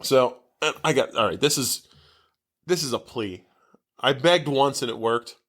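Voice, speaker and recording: A man's voice: medium pitch, a little slow, fairly bright tone. A man co-hosting a casual podcast, recapping a movie in a loose, rambling way full of fillers. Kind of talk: casual chat. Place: basement.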